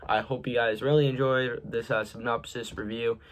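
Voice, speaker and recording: A man's voice: medium pitch, level tone, moderate pace. A young man giving a casual, rambling movie review, full of fillers, his voice trailing off at the ends of sentences.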